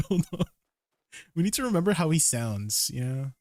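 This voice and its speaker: This is a giggly young man gaming on a live stream, chatting casually with viewers and laughing frequently between questions. He speaks at a normal pace in a somewhat high, sing-song, slightly mellow voice. The recording has studio quality and no room sound, though faint background noise is present.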